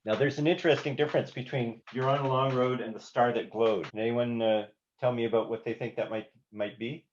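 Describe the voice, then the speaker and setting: A man's voice: medium pitch, moderate pace, darkish tone, muffled recording. A man leading a songwriting workshop who talks through lyric lines and sings short melodic examples, humming rhythms with nonsense syllables. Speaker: songwriting teacher. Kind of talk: workshop teaching.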